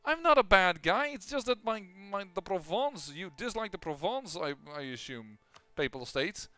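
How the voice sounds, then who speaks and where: A man's voice: sits high, expressive, moderate pace, bright, forceful tone. A man casually commenting on his own strategy game as he plays, thinking aloud with lots of fillers and restarts. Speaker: gameplay commentator.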